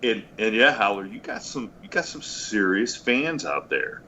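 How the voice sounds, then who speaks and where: A lower-pitched man hosting a podcast, bright and edgy in tone, with a lively voice that swings up and down. He laughs often, and the sound is muffled with faint hiss. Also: a little slow. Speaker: podcast host. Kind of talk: casual chat. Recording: lo-fi with faint noise.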